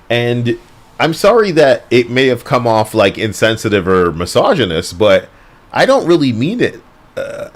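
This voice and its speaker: Slow, lively-pitched male streamer. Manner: crude, rambling, laughs often. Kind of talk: casual livestream rant.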